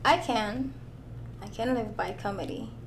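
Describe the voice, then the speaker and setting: A woman's voice: medium pitch, expressive, a little slow, gravelly, a little hiss or hum. A woman comedian with a Jamaican accent, answering interview questions in a playful, joking way. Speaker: stand-up comedian.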